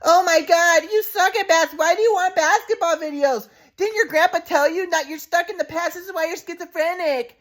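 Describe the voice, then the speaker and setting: A woman's voice: very high voice, normal speed, hardly any pauses, fairly bright tone, pitched above the performer's own voice. A man putting on the voice of his exasperated middle-aged mother, screeching and mocking. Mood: shrill scolding.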